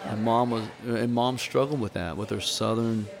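Gravelly man telling a story earnestly. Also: medium pitch, normal speed, crowd noise. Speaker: podcast host, former minister. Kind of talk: candid conversation about grief.

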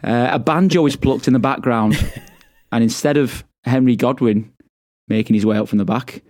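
A man's voice: mid-range voice, normal speed, darkish tone, dry recording. A man co-hosting a podcast, recapping a wrestling show in a chatty way, laughing often and repeating his words. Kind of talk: casual chat, play-by-play recap.

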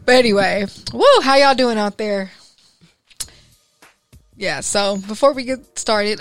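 A woman co-hosts a live podcast in a casual, playful way, often laughing and calling out to listeners as y'all. Her voice sits a little high. Faint music plays under the talk. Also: a bit bright, clean tone, dry recording. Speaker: podcast co-host. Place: studio with echoing mic feedback.

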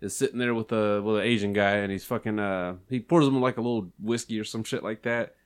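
A young man chatting casually with friends, loud, crude and laughing often. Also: fairly low pitch, steady tone, a little fast, smooth. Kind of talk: casual profane chat.

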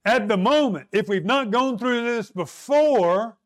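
A man preaching a sermon, slow and emphatic, asking rhetorical questions and leaning on dramatic pauses. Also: extremely high pitch, animated, fairly bright tone.

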